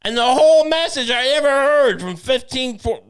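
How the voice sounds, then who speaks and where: Animated, swearing man riffing on a podcast. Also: very high voice, moderate pace, clean tone. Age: adult, went through Catholic school. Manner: rambling, profane, slips into mocking voices. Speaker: podcast co-host. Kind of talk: irreverent comedic banter.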